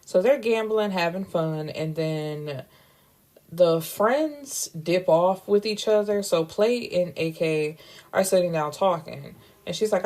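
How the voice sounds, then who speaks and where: A woman's voice: on the low side, slow, darkish tone. A woman recapping a novel in a casual, candid way, swearing freely and tossing in wry asides. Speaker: book reviewer recapping a novel. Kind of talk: casual spoken book recap.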